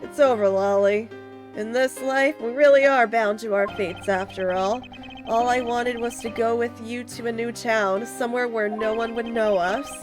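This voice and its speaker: Girl reading a sorry young guy in a game, earnest and quiet, fairly high voice, music behind. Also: steady tone, moderate pace, natural voice. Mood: remorseful. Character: remorseful young man confessing.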